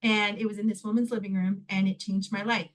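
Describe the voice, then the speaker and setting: A Canadian woman, a guest in an interview, telling a personal story in an animated way, laughing often and acting out the voices of the people she quotes. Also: mid-range voice, fairly quick, low-quality recording. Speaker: guest, healing technique teacher.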